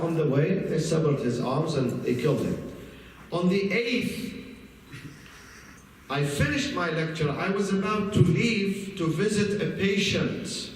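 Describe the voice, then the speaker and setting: A man's voice: a little high, distant mic, slight background noise. A man giving a religious lecture as an imam, telling a story earnestly and weaving Arabic religious terms into his English. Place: banquet hall. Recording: echoey hall, recorded from afar.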